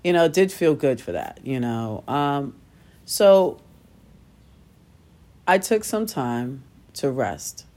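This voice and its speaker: A woman's voice: a bass voice, very animated, slow, long pauses, darkish tone. A middle-aged woman hosting a podcast, talking casually and self-deprecatingly, laughing at herself and acting out quoted voices. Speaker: podcast host. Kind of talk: casual solo podcast storytelling.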